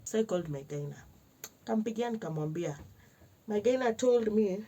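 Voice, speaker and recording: A young Kenyan woman telling a personal story to camera in a lively vlog, switching between slangy Swahili and English and acting out other people's lines. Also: medium pitch, moderate pace, slight background noise. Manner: animated, mixes slang-heavy Swahili with English. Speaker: vlogger.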